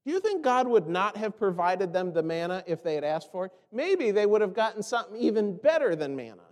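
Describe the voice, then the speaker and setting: A man's voice: high voice, big pitch swings, fairly quick, darkish tone, in a large hall. A man preaching a sermon in a conversational way, asking rhetorical questions and acting out the complaints he quotes. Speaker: pastor.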